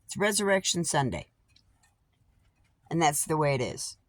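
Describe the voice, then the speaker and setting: A woman's voice: very animated, moderate pace, no echo. A woman chatting casually to a camera on a tripod at home, blunt and profane, with y'all in her talk. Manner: coos high-pitched baby talk to her pet birds. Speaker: vlogger. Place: at home with pet birds.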